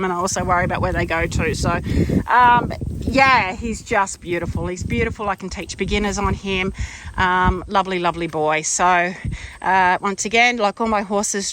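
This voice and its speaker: A woman talks casually in an outdoor paddock, her voice at an ordinary middle pitch. She chats warmly and loosely, full of ums and fond asides. A faint outdoor hiss sits behind her. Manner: chatty and affectionate, cooing to the horses with many fillers. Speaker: horse trainer and vlogger. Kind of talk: casual walk-around vlog.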